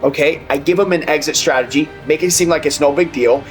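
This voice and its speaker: A male sales coach talking very fast in a slightly high voice. His delivery is energetic and conversational, and he slips into acted sales dialogues. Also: faint music behind. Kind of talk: motivational sales training.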